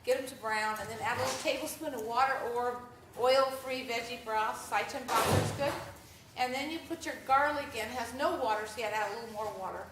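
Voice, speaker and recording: A woman giving a lively live talk and answering audience questions, speaking conversationally to the crowd. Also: a little high, a little fast. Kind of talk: live presentation with Q&A. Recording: echoey room, mic far off, faint noise.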